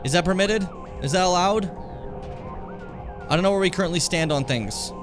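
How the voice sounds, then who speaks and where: A man's voice: high-pitched, moderate pace, over music. A man streaming a video game, talking casually and swearing, flaring into mock rage and back. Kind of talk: casual gameplay commentary.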